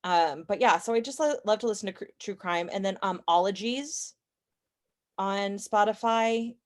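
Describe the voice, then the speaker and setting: A young adult woman chatting as a podcast guest, opinionated and talkative, with quick asides and self-corrections. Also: mid-range voice. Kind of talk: casual interview chat.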